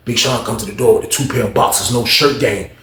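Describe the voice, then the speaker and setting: A man telling a story casually, animated and slangy, acting out the people in it. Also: medium pitch, quick pace. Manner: animated, slangy, voices characters. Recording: roomy echo.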